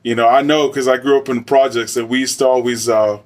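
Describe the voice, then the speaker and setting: A man's voice: medium pitch, fairly even intonation, fast, recorded from a distance. A man from Arizona telling a story in a loose, slangy, profane way with lots of fillers. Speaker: storyteller, former soldier. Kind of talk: casual spoken storytelling.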